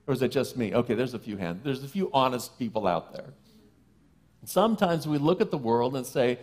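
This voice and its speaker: A man preaching a sermon to a congregation in a conversational way, with playful asides, who slows and softens for key phrases. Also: mid-range voice, expressive. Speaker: minister. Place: church sanctuary.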